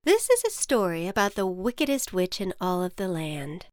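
A woman hosting a podcast and narrating a storybook tale in a playful, expressive way, with emphatic comic pauses. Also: on the low side, dry recording, clean studio sound, faint music behind.

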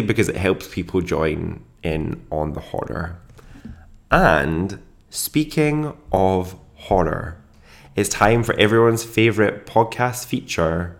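A man's voice: sits low, gravelly. A man hosting a solo podcast in casual chat, chatty and self-deprecating, laughing often. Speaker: podcast host.

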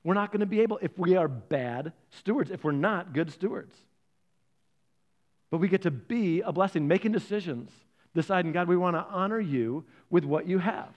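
A man's voice: high voice, expressive, moderate pace, a little mellow, highs cut off. A middle-aged man pastor preaching a sermon with energy, leaning on emphasis and repetition.

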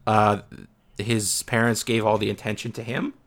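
Low-voiced deadpan man reading questions. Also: normal speed. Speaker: podcast co-host reading listener questions. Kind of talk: casual chat.

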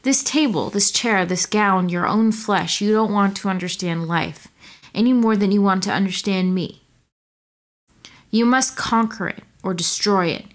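A woman reading a science-fiction story aloud with a friend, taking the wife's lines and breaking in with playful questions. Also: mid-range voice. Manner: playful, asks questions, reads her part slowly. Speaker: co-reader of a story. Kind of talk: casual reading aloud with banter.

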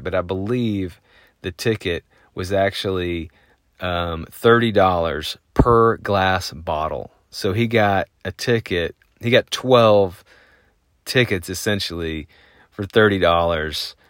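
Podcast host, a man with a very deep voice, rambling through a casual story. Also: fairly bright tone, dry recording, studio quality. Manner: rambling, lots of fillers, chuckling.

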